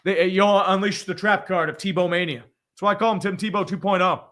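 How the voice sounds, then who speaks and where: A man's voice: high voice, steady tone, a bit bright. A man hosting a casual live reaction stream, reading viewer donations and giving blunt, profane opinions. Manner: blunt and profane, quick opinions, frequent laughs.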